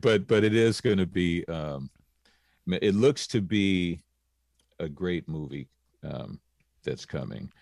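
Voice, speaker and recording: A man co-hosting a casual podcast, speaking in a measured, hesitant way with many fillers. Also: sits low, gravelly, darkish tone, no room sound, clean studio sound. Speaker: podcast co-host. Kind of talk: casual chat.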